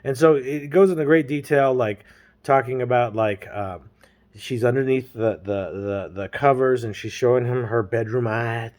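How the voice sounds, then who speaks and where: A man's voice: mid-range voice, fairly even intonation, moderate pace, darkish tone. A man retelling a novel in a casual, rambling way, full of slang and fillers. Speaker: storyteller. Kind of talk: casual book recap.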